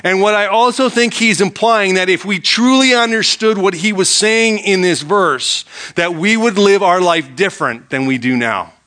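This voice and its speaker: A male pastor with a bright, ringing voice that sits a little high for a man. He reads verses aloud, then explains them by posing questions back to his listeners in a sermon. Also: normal speed, few pauses.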